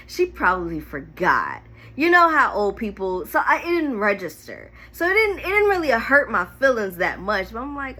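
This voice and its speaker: A woman's voice: on the high side, normal speed. A young woman candidly telling an emotional personal story to camera, holding back tears at times. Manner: emotional, candid, animated retelling. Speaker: storyteller vlogger.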